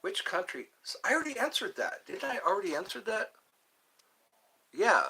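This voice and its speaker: A man hosting a live stream alone, musing slowly and meandering while he answers viewer chat. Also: high-pitched, very animated, pushed and bright. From United States.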